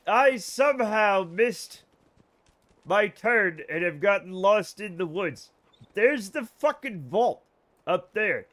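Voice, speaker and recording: A man chats loosely with his live viewers while he plays a video game. His voice sits a little higher than most men's, and he rambles, jokes and swears without a second thought. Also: lively intonation, slow pace, a bit bright. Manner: rambling, joking, swears freely. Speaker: streamer. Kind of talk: casual let's-play chat with viewers.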